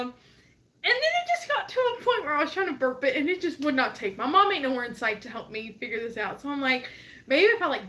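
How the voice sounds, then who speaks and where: High bright animated woman, laughing storyteller. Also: a little fast. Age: 20s. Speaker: co-host. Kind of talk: casual chat, reading live chat.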